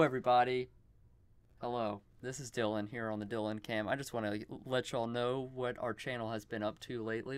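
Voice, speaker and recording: A man's voice: mid-range voice, smooth. A young man, hosting a casual podcast chat, joking and laughing often. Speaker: podcast host.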